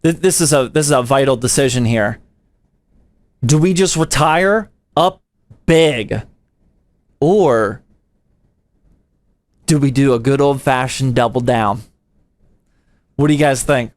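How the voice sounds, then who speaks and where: A man's voice: medium pitch, slow, pauses often. A young man from the United States, a PC building streamer, chatting casually with his live chat in a slangy, playful way.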